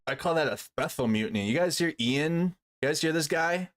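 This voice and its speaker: A man's voice: a little high, animated, a little fast, fairly bright tone. A man hosting a live stream, reacting to a panel discussion with mocking, profane asides. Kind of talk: casual reaction commentary.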